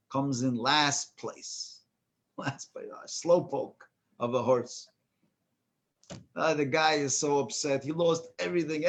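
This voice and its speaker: Rabbi teaching, halting delivery. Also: male voice, a little high, fairly bright tone. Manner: halting, many restarts and fillers, chuckles at his own joke. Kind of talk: storytelling then lecture.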